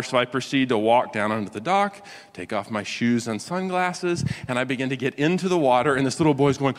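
A man's voice: mid-range voice, animated, a little fast, a bit bright. A pastor in his forties telling a self-deprecating story during a sermon, asking his listeners questions along the way. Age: 40s. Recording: long hall reverb.

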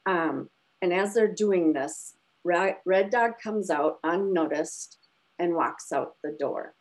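A woman's voice: lowish voice, slow, low-quality recording. A woman co-hosting a podcast, chatting casually and animatedly retelling a film plot with emotion. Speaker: podcast co-host. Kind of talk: casual chat.

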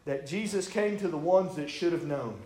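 A man preaches in a folksy way. He tells stories and acts out the people in them, and his delivery builds up until he is shouting. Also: a little high, animated, normal speed. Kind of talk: sermon with storytelling.

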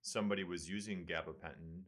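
A man's voice: low voice, fairly even intonation, fast talker, fairly bright tone. A man with a Midwestern American accent, a surgeon hosting a casual medical talk show and explaining studies with fillers. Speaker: surgeon and podcast host.

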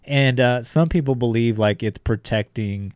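A man's voice: mid-range voice, moderate pace, darkish tone, smooth, dry recording, clean studio sound. Profane storytelling podcast man. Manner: loose and profane, full of fillers. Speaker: podcast co-host. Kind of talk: casual storytelling.

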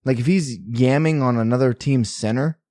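A man's voice: medium pitch, normal speed, warm tone, no echo. A young man in his twenties co-hosting a podcast, chatting loosely about sports with a lot of swearing and laughter. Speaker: podcast co-host. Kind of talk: casual podcast banter.

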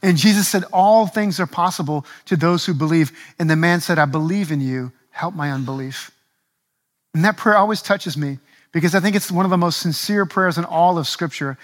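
A pastor with a notably high voice delivers a sermon to his church congregation at a slightly fast pace. He shifts between soft, tender stretches and swelling, forceful appeals, repeating his main lines and spurring the room on with "come on".

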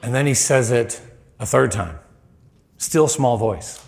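A man's voice: medium pitch, animated, takes it slowly, gravelly. A middle-aged man preaching a storytelling sermon in a conversational way, acting out the voices in his story.

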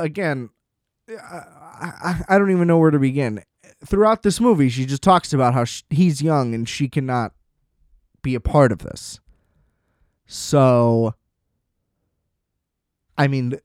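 Male podcast host, sarcastic exasperated rant, slightly high pitch, dead dry room. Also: darkish tone, no echo. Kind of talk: casual ranting commentary.

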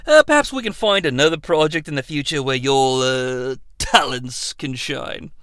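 A man doing a hushed hesitant director. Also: mid-range voice, clean tone, no echo, studio quality, voice pushed down, natural voice. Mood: apologetic. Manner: quiet, halting, apologetic. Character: soft-spoken hesitant male film director.

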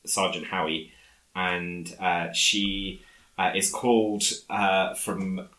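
A man casually recapping a film on a podcast, halting often with fillers as he retells scenes. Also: deep voice, little pitch movement, bright, forceful tone, roomy sound, low-quality recording. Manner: rambling, halting with many fillers. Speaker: podcast co-host.

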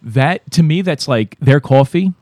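A man's voice: fairly high pitch, animated, unhurried, mellow, no room sound, clean studio sound. A man co-hosting a podcast, chatting casually and telling rambling, profane stories. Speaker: podcast co-host. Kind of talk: casual chat.

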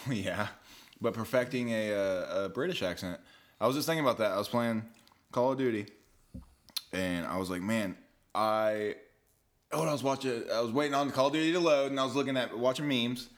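A man's voice: medium pitch, moderate pace. A young man in casual podcast banter, teasing and swearing freely. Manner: teasing, profane, very animated. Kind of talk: casual chat.

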